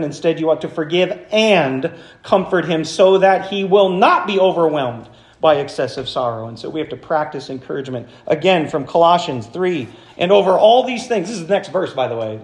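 A man preaching a sermon as pastor, animated, swinging from hushed passages to loud, high-pitched points. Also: a little fast, roomy sound. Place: church.

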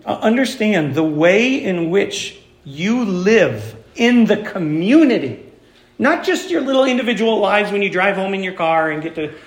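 A man's voice: high voice, very animated, measured pace, echoey room. A man preaching a sermon as pastor, talking in a conversational way with fillers and restarts. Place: church.

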